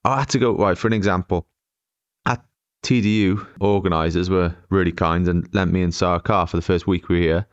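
A man's voice: low voice, fairly even intonation, brisk, clean tone, no room sound, lo-fi sound. A man in his thirties, co-hosting a podcast and telling rambling, laughing anecdotes in a casual chat. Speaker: podcast co-host.

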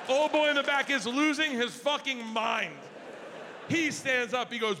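A man doing crude, animated stand-up storytelling on a theater stage into a handheld mic, with an audience present. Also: very high voice, normal speed, background noise. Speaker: stand-up comedian. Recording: live theater hall with audience.

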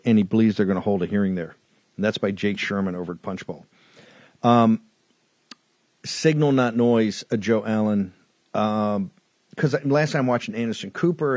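A man's voice: on the low side, darkish tone, no echo. A man hosting a political talk show, talking in an emphatic, rambling way that repeats words. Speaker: show host.

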